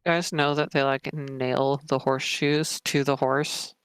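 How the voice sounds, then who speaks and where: A speaker with a bright, crisp, smooth voice chats during a movie watch-along. They are curious and full of questions. The recording is dry and close. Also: mid-range voice, level tone, measured pace, dry recording. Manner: curious, asks lots of questions. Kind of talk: casual chat over a movie.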